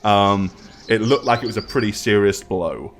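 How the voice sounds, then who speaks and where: A man narrating a tabletop game as game master, in an animated way with many ums. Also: lowish voice, normal speed, a little hiss or hum.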